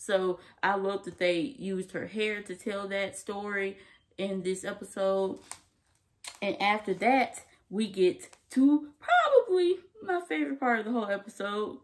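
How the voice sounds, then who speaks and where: A young woman casually recapping a TV episode to camera, animated and emphatic, full of slang and laughter. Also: medium pitch, measured pace. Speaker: TV episode reviewer.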